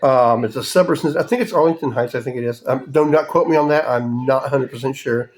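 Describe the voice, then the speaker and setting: A man's voice: mid-range voice, quick pace. A man hosting a podcast, ranting angrily with heavy swearing and mocking voices. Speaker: podcast host. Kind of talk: profane ranting monologue.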